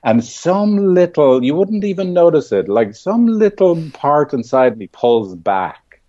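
A man who works as a marriage and family therapist, telling stories in a lively conversational way and often asking "right?". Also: on the high side, unhurried, lo-fi sound. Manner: animated storytelling with frequent rhetorical "right?". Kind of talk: conversational podcast interview.

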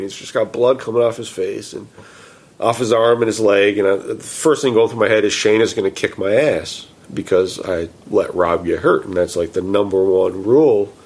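A man casually telling a story, animated and quoting himself and his friends. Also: lowish voice, husky.

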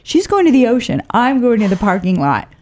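A middle-aged woman from Oakland telling a personal story in a wry, blunt, animated way. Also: a little high, brisk. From Oakland, California.

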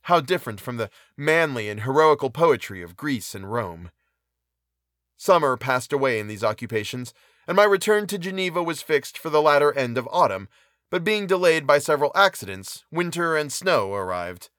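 A man reading a classic novel aloud in a measured, even narration. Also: a little high, no room sound, studio quality. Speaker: audiobook reader.

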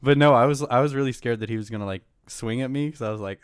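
A man's voice: mid-range voice, fast talker, hardly any pauses, smooth, no echo. A young man casually telling a story to a friend, swearing freely, laughing often and acting out both sides. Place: indoor room.

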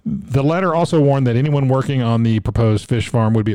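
A man's voice: medium pitch, fairly quick, mellow, dry recording. A man co-hosting a casual comedy talk show, reading odd news stories aloud and joking about them. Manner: joking, reads headlines aloud, stumbles over odd names.

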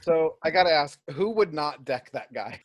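A man with a slightly high voice who drops quick jokes and playful asides. He keeps the chat light and fast-moving. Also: lively intonation, muffled recording. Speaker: podcast co-host. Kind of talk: casual chat.

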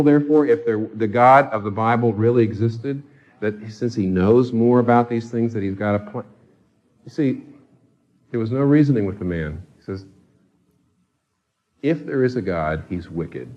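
A man delivers a sermon in a middle-pitched voice, pressing the congregation with one rhetorical question after another. His delivery is impassioned and earnest. The recording sounds dull and lo-fi. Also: darkish tone. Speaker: pastor.

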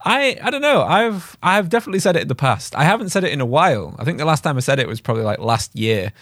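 Lively, rambling male co-host, dry sound. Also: on the high side, fast, no room sound. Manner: rambling, swears casually, riffs on jokes. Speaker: podcast co-host. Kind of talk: casual chat.

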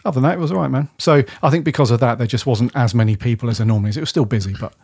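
A man co-hosting a podcast, laid-back and quick to laugh. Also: mid-range voice, vocal fry, darkish tone, slightly rough. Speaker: podcast co-host. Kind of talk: casual chat.

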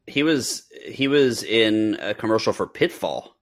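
A man co-hosting a podcast in casual chat. He rambles with plenty of filler words, and his voice is very low. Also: lively intonation, a little slow. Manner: rambling, heavy use of "like". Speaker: podcast co-host.

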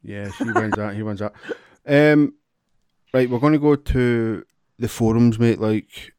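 A man's voice: lowish voice, unhurried, darkish tone, clean tone, dry recording, studio quality. A man co-hosting a podcast in casual chat, blunt and laughing often, swearing freely. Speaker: podcast co-host.

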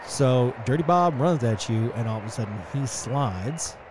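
Relaxed male game master, rambling scene narration, background noise. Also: mid-range voice, normal speed. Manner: loose, chatty narration with fillers. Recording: noisy background.

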